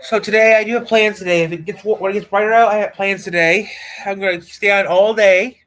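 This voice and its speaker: A man's voice: high voice, fairly even intonation, fairly quick, fairly bright tone. A man hosting a casual live stream from a cold room in a house, rambling with hesitant fillers. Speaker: livestream host.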